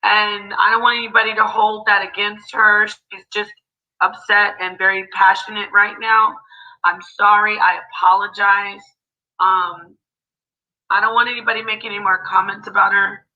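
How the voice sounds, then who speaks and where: A woman hosting a livestream panel, apologetic and placating as she calms things down. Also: medium pitch, normal speed. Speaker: livestream host. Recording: dull lo-fi stream audio.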